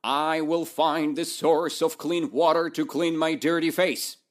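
A man voicing a male goblin with a filthy face who proclaims his plans loudly and confidently. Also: a little high, fairly even intonation, measured pace, voice pushed up, natural voice. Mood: proclaiming.

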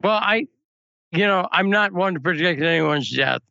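A man's voice: high voice, expressive, moderate pace, vocal fry, pushed and bright, smooth, no room sound, lo-fi sound. A man hosting a political talk show, chatting casually and telling anecdotes. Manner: chatty, storytelling asides.

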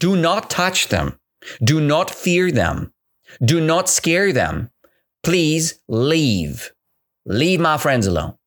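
Man doing a pleading female elephant, earnest, polite, higher voice, drawn-out words. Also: big pitch swings, full character voice. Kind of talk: storybook read-aloud.

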